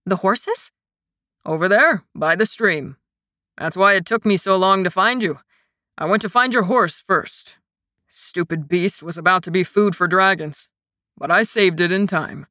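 A woman's voice: on the low side, measured pace, sharp tone, no echo, studio quality. A woman voicing a jovial, good-humored older man with a hearty delivery. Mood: matter-of-fact.

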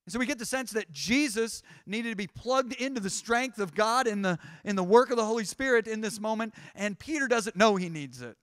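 High-voiced man preaching a close-miked sermon. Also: expressive, fairly quick, hardly any pauses, a bit bright, smooth, dry recording. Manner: preaching with rising intensity and repeated restarts. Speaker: pastor. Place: church sanctuary.

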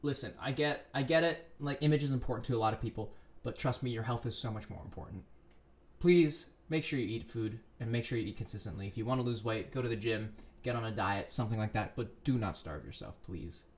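A man reading a fan fiction story aloud who breaks into excitable yelling and groaning reactions. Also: medium pitch, fairly quick. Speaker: story reader.

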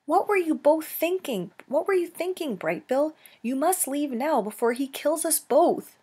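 A woman voicing a gentle female robot mother, calm and protective, in a measured way. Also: medium pitch, husky. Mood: alarmed. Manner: measured and pleading.

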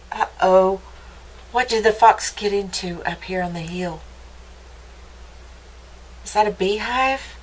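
A woman reading a picture book aloud to children for a library storytime, stopping often to ask them gentle, playful questions. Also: medium pitch, slow pace, long pauses, low-quality recording.

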